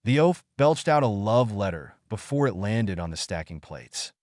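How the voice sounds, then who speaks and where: A man reads a story aloud in a lowish voice that still moves a lot in pitch. His delivery is an even storybook reading, recorded dry and close with no room sound. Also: normal speed, dry recording. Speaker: narrator. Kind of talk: reading fan fiction aloud.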